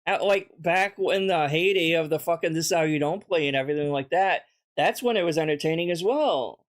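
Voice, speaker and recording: A man rants through reaction commentary with blunt, profane dismissiveness. His voice sits slightly high for a man, and he talks loosely and casually. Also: brisk. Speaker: commentary streamer.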